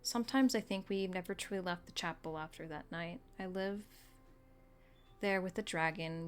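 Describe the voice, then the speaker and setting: A woman streaming a video game, reading its story text aloud in a soft, level voice. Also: lowish voice, moderate pace, clean tone, soft background music. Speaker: gaming streamer.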